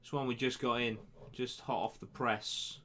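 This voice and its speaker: Young male host, casual and sweary, sarcastic banter, average pitch. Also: fairly even intonation, moderate pace, fairly bright tone, slight background noise. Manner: banter-heavy, sarcastic asides to the sender. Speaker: web show host reading listener emails. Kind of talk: casual swearing storytelling and email reading.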